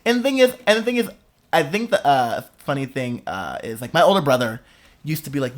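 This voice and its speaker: A young man hosting a podcast in casual chat, expressive and dramatic, laughing often. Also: fairly high pitch, a little fast. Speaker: podcast host.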